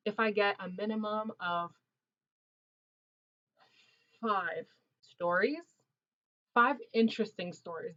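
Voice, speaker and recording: A mid-twenties woman from Ontario, Canada, runs a casual livestream, reading viewer comments and chatting in loose slang with frequent laughs. Her voice is medium-pitched and the recording muffled.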